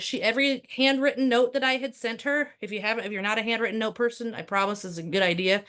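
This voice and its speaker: A woman trainer leads a live workshop with a slightly high voice. She sounds lively and conversational and keeps asking the room rhetorical questions. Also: fairly quick, hardly any pauses. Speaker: real estate trainer. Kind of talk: workshop teaching to a live class.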